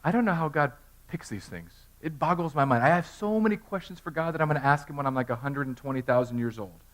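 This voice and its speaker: A man in his thirties preaching an animated Easter sermon in a church, telling the story with humor and acting out voices. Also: a little high, fast. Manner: storytelling, acts out characters in funny voices. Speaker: pastor. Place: church sanctuary.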